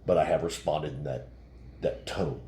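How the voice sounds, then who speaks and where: A man co-hosting a casual podcast chat, talking about himself in a halting, reflective way with many restarts. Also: a bass voice, steady tone, mellow. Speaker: podcast co-host. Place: bar room. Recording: roomy echo, faint background noise.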